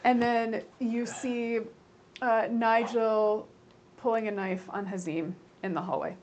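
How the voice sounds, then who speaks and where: A woman's voice: fairly high pitch, fairly even intonation, slow pace, a little mellow, dull audio, a little hiss or hum. A woman running a tabletop game as game master, talking casually with many fillers and hedges. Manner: chatty, hedging, many fillers.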